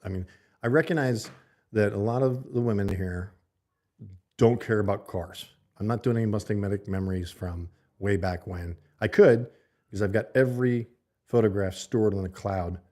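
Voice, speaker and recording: A man runs a casual livestream from home, speaking close to his desk mic as he chats loosely with viewers and reads their comments. His voice sits on the low side, warm in tone, at a moderate pace.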